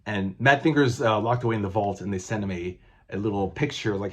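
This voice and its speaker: A man's voice: lowish voice, steady tone, a little fast. A man in his forties chatting casually as a comic book collector on his vlog, rambling and correcting himself with many fillers.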